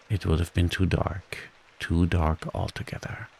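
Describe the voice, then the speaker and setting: A man reading a bedtime story as scripted narration, soothing and unhurried. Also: low voice, little pitch movement, gravelly, darkish tone, slight background noise, rough recording.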